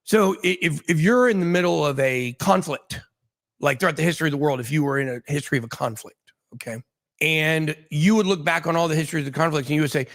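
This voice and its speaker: Rambling higher-voiced man hosting. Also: fast talker, fairly bright tone. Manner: rambling, many restarts and fillers. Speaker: host. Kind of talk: casual speculative talk.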